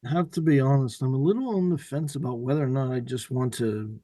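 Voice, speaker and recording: A man's voice: mid-range voice, fairly quick, warm tone, no echo. A man playing a tabletop game, musing and unsure. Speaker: player. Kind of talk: casual tabletop play.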